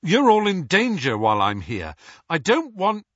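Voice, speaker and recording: A man's voice: sits high, wildly swooping pitch, moderate pace, no echo, lo-fi sound, voice pushed up, exaggerated voice. A man voicing a tense teenage boy wizard who speaks in an insistent, clipped way.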